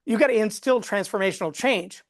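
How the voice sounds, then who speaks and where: A man coaching a live webinar on storytelling, folksy and animated as he walks through examples. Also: high-pitched, a little fast, dry recording, clean studio sound.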